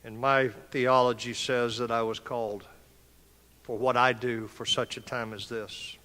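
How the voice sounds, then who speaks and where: Brief: older male speaker, emphatic motivational address, forceful tone, echoey hall. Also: mid-range voice, little pitch movement, a little slow. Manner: emphatic, impassioned, preacher-like delivery. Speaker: conference speaker. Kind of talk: motivational speech. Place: conference hall.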